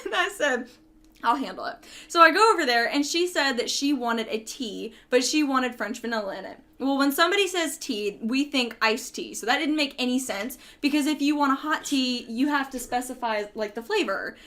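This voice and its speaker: High-voiced young woman telling stories. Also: normal speed. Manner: animated, laughing storyteller acting out customers. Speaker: storyteller. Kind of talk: casual chat.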